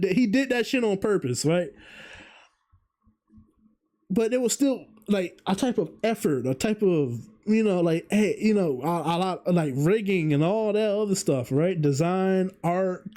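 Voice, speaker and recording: On his own channel, a man with a high, warm voice rambles through his opinions as a vtuber host. His casual commentary monologue keeps breaking off mid-thought and is full of chuckles.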